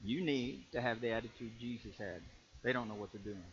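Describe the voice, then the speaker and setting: A man preaching as pastor, in a folksy, animated storytelling way that jumps to loud peaks. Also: medium pitch, brisk, muffled recording. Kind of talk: sermon.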